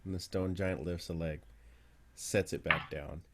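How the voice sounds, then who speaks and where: A man's voice: low-pitched, fairly even intonation, unhurried, noisy background. A man narrating a tabletop game as game master, loose and casual with many fillers.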